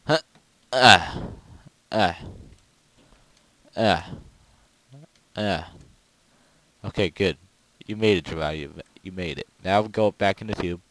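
A man giving casual, rambling gameplay commentary with goofy, excitable outbursts. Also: deep voice, slow pace, long pauses, a little hiss or hum, low-quality recording. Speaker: gaming video creator.

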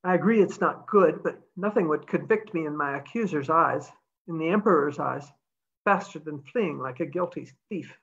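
A woman reading aloud, voicing a stubborn man who speaks calmly and firmly. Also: deep voice, normal speed, gravelly, lo-fi sound. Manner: calm, stubborn. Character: stubborn man, steady soldier.

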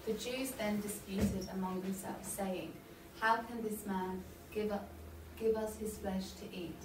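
A woman's voice: mid-range voice, fairly even intonation, a little slow, background noise. A woman from the audience reading scripture aloud carefully. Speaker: reader in the audience. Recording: echoey church from far off.

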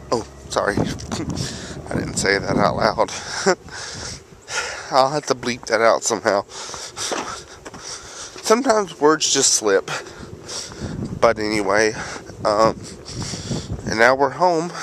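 With a mid-range voice, a man rambles and chats while vlogging on a handheld camera, frequently correcting himself. He's walking outdoors on a windy road close to his home. Light wind and passing traffic are audible.

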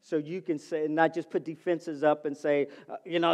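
A middle-aged man preaching a sermon as pastor, calling out to the congregation and swinging from loud to soft. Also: fairly high pitch, flat delivery, normal speed. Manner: calls to the congregation.

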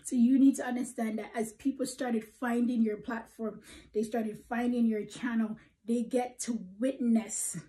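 A woman's voice: fairly high pitch, flat delivery, a little slow, warm tone, low-quality recording. A woman preaching a prophetic encouragement message, emphatic and repeating "okay?", sometimes dropping to a whisper. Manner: emphatic, tags "okay?" after points, drops to whispers.

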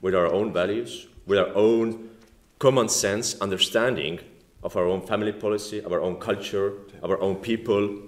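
A man from Estonia with an Estonian accent and non-native English, giving a speech at a formal dinner with many halting "like"s and "uh"s. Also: fairly low pitch, steady tone. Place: banquet room at a formal dinner. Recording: echoey dining hall.

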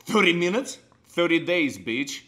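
A man's voice: on the high side, very animated, measured pace, noisy background. A man joining in on the call, bragging with swearing, tough-guy bravado.

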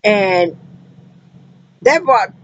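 A woman vlogging from her truck cab, chatting with viewers and sprinkling every thought with honey and girl. Her talk swings between low asides and high exclamations. The sound is dull and lo-fi, with a faint vehicle hum underneath. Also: extremely slow. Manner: animated, endearments like honey and girl. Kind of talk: casual chat to viewers.

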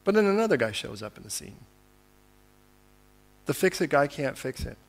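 A man, a pastor, preaching a conversational sermon, acting out the words of biblical figures and moving between quiet asides and loud, fervent appeals. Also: mid-range voice, big pitch swings, normal speed, gravelly.

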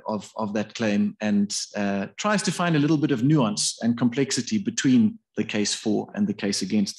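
Man, professor, academic lecture, hesitant, thinking aloud, mid-pitched voice. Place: university lecture hall.

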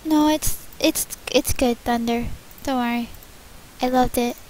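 A female channel host chatting excitedly and thanking viewers by name during a casual gift-opening vlog. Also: fairly high pitch, a little slow, a little hiss or hum, poor audio.

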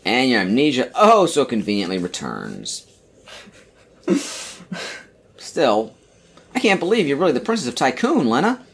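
A man doing a high, exasperated young hero. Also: wildly swooping pitch, measured pace, pauses often, slightly rough, heavily acted. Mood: teasing. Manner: exasperated, loud, high-pitched. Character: impatient young male adventurer.

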